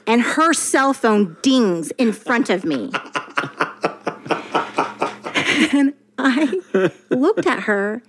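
A woman casually telling a story from her working life, animated and profane, often restarting her sentences. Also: a little high, slow pace, slight background noise.

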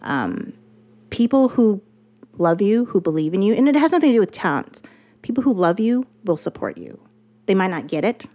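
A woman's voice: mid-range voice, big pitch swings, normal speed, mellow. A woman in her forties, a writer and guest, talking emphatically and repeating herself, with an occasional swear. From United States. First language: Mandarin. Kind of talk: casual interview talk.

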